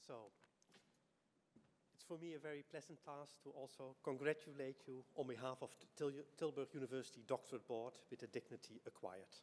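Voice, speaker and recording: A man's voice: medium pitch, steady tone, a little fast, darkish tone. A man chairing a ceremony, polite and formal, giving short instructions. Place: university ceremony hall. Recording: echoey hall, faint background noise.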